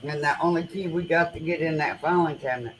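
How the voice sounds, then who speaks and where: A woman's voice: sits low, quick pace. A woman hosting a casual chat, telling rambling stories in loose, colloquial everyday speech. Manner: rambling animated storytelling with colloquial grammar. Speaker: host. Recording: noisy home recording.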